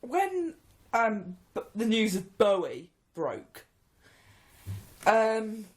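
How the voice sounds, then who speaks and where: Woman, podcast co-host, fairly high voice, very lively intonation, dry quips. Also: very slow. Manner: animated, dry self-deprecating quips. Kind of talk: casual comedy chat.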